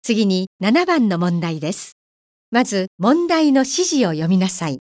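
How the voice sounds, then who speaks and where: A woman giving formal test instructions in a brisk announcing manner. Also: medium pitch, very animated, a little mellow, no echo, clean studio sound. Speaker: exam announcer.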